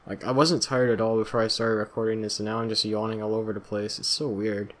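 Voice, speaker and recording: A man's voice: fairly low pitch, little pitch movement, fast, a bit bright. A man casually commentating a video game let's play, rambling and self-deprecating, swearing now and then, a little yawny. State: yawning, tired. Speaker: gameplay commentator.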